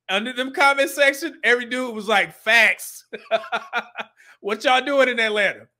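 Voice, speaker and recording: A man's voice: very high-pitched, expressive, measured pace, bright, forceful tone. A man hosting a livestream, commenting bluntly and preachily on video clips and laughing often. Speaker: livestream host.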